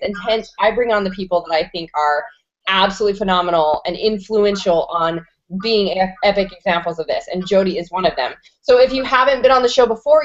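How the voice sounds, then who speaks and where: A woman's voice: mid-range voice, dull audio. A woman hosting an online interview show, enthusiastic and slangy, swearing freely and rambling as she talks. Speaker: host.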